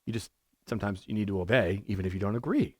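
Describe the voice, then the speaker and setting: A man's voice: fairly low pitch, fast, darkish tone, no echo, clean studio sound. Casual, rambling man preaching a sermon. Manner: casual and rambling, with many restarts and asides. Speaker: pastor. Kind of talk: conversational expository sermon. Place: church sanctuary.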